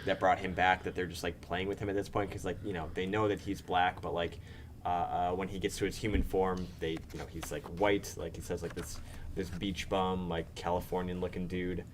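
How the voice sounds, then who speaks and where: A man's voice: low-pitched, little pitch movement, a little fast, slight background noise. A man co-hosting a casual comics chat on a live stream, rambling with lots of fillers and dry jokes. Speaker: co-host.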